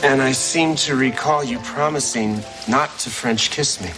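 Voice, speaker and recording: A man's voice: medium pitch, a little slow, over music, close to an everyday voice, rough recording. An actor playing a wry, dry-witted father in a studio sitcom, delivering teasing wisecracks. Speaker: sitcom lead.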